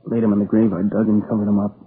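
Guy playing a young man grieving his buddy, kinda low and flat, halting, tinny old radio sound. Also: close to an everyday voice. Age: young adult. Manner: halting, subdued, plain-spoken. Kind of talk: radio drama acting. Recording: tinny lo-fi old radio recording with faint hiss.

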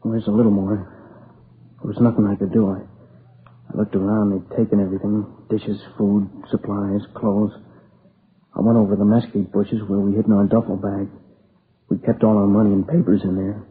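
An actor playing a grieving, exhausted young man who recounts an attack in a halting, shaken voice, in a 1950s radio crime drama. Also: on the low side, little pitch movement, natural voice. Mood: weary. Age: young adult. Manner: shaken, halting, near tears. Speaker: robbery and murder witness. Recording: tinny old radio broadcast, faint hiss.

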